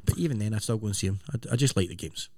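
A man's voice: on the low side, animated, rapid-fire, a little mellow, no echo, studio quality. A middle-aged man, co-hosting a podcast in casual, rambling chat. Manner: rambling, self-interrupting. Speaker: podcast co-host.

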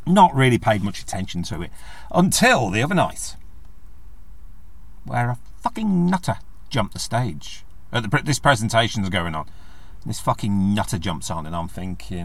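A man's voice: mid-range voice, very animated, moderate pace, dry recording. A man with a sweary, sarcastic manner, ranting casually in a vlog. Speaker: vlogger. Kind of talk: casual rant.

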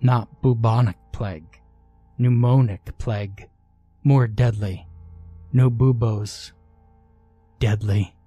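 Male narrator reading a grave alien in clipped broken speech; slow, dark. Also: mid-range voice, steady tone, soft background music. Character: terse, flat-spoken alien creature, sexless.

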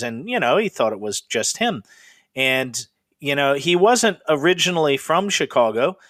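A man's voice: fairly high pitch, fairly bright tone, no echo, studio quality. Chatty middle-aged man telling ghost stories. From Pacific Northwest. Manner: chatty, rambling, with frequent fillers. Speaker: podcast host. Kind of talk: casual ghost storytelling.

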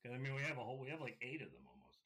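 A man's voice: medium pitch, wildly swooping pitch, rapid-fire, sharp tone. A man hosting a casual podcast, joking and playful. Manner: playful, jokey, laughing. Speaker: podcast host. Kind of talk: casual chat.

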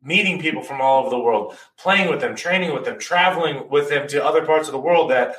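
A man's voice: on the high side, brisk, few pauses, fairly bright tone. A man, a former rugby player, ranting animatedly as a guest on a casual podcast. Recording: echoey room, distant from mic, faint noise.

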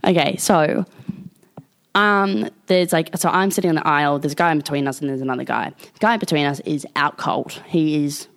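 A young woman, co-hosting a podcast and telling a long story in animated, casual chat, with lots of swearing and laughing. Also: low voice, normal speed. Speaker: podcast co-host.

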